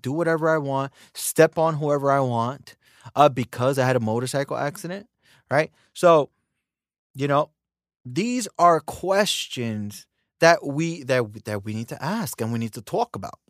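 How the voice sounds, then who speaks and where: A man's voice: a little high, no echo, clean studio sound. A man hosting a podcast, delivering an opinionated casual monologue, often asking "right?" and acting out quoted exchanges. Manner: animated, repeats "right?" and acts out quoted lines. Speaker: podcast host.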